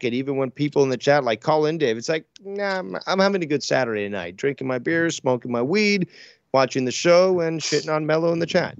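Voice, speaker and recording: A man's voice: mid-range voice, no echo. A man co-hosts a live comedy show in loose, rambling banter, trailing off and restarting as he swears his way through each thought. His voice sits in a middle register. The audio is muffled and dry, with no room sound at all. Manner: rambling, profane, hesitant restarts. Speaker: co-host. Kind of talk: casual call-in show banter.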